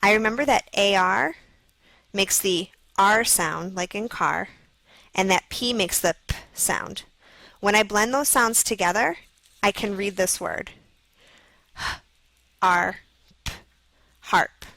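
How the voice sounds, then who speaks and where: A woman narrating a scripted phonics video for children, slowly sounding out letters and words. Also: mid-range voice, bright, forceful tone, dry recording, rough recording. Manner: slow, clearly sounding out letters.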